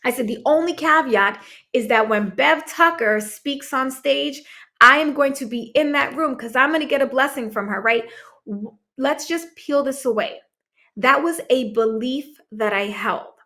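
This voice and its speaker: A woman in her thirties, a podcast guest, telling a personal story emphatically, with dramatic pauses. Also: high voice, sharp tone. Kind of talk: storytelling in a conversation.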